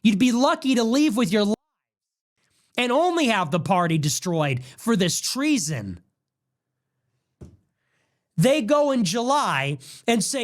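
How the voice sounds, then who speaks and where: A young man holds forth as a podcast host, his voice sitting high as he rants in a combative, mocking way. He keeps coming back to the same blunt demands. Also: sing-song, a little slow. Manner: combative, mocking, repeats ultimatums. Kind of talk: political monologue rant.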